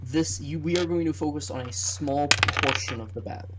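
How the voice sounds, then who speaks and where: A game master narrating a tabletop battle on a live stream, speaking deliberately with frequent fillers. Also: medium pitch, very noisy.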